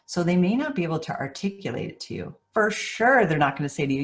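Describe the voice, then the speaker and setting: Middle-aged woman therapist, low voice, earnest training delivery. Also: very animated, fast talker, few pauses. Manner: earnest, teaching, acts out quoted voices. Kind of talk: training talk.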